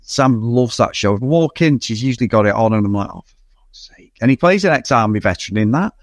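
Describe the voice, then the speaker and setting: A man's voice: medium pitch, animated, dry recording, clean studio sound. A man co-hosting a film podcast, chatting casually with jokes, asides and swearing. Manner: swearing, joking, quick asides. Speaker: podcast co-host. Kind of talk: casual film-review chat.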